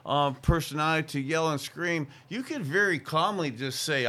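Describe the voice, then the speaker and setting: A middle-aged man talks football on his own show, emphatic and rambling. His voice is bright and forceful and sits a touch high. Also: moderate pace, hardly any pauses. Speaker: show host, former quarterback. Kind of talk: casual sports talk.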